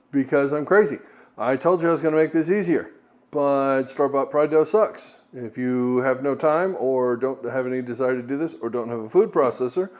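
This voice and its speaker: A man's voice: on the high side, darkish tone. Jokey man teaching home baking. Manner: jokey, chatty, self-deprecating asides. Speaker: cooking video host. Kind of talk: casual cooking tutorial. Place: home kitchen.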